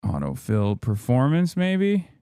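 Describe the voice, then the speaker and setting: A man's voice: medium pitch, huge pitch swings, slow, dark tone, clean tone, dry recording, clean studio sound. A man hosting a live stream, frustrated and swearing as he troubleshoots his setup aloud to viewers. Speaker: livestream host.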